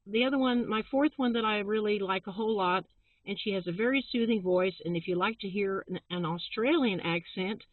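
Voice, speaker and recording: A woman's voice: medium pitch, no echo. A middle-aged woman co-hosting a casual chat, friendly and chatty, laughing often as she recommends channels. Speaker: channel co-host. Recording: tinny, phone-like sound.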